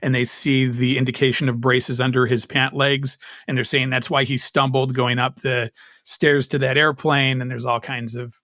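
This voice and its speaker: A male podcast co-host talks in long, rambling, emphatic runs. His voice is bright and forceful, recorded dry and close with no room sound. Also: mid-range voice, flat delivery, moderate pace, no echo. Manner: rambling, emphatic political talk. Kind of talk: casual chat.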